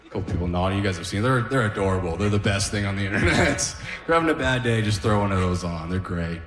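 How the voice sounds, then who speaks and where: A man's voice: fairly low pitch, lively intonation, fast, a bit bright, soft background music. A man in his thirties doing a rambling, self-deprecating stand-up set, often chuckling at his own jokes. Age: 30s. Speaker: stand-up comedian. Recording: roomy reverberant room.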